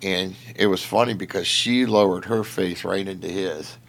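A man's voice: low voice, normal speed, creaky. A man telling a story in casual chat, rambling with lots of filler words and laughing as he goes. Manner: animated, laughing while telling. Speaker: storyteller recounting patrol work.

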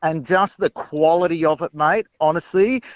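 A man's voice: on the high side, moderate pace, no echo, highs cut off. An enthusiastic Australian man giving a customer testimonial, saying mate in nearly every sentence. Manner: enthusiastic, says mate constantly.

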